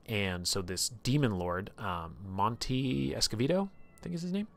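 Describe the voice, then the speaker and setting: On a live stream, a man casually retells a tabletop campaign, rambling and animated, packed with filler and swearing. His voice is gravelly and on the low side, at a moderate pace.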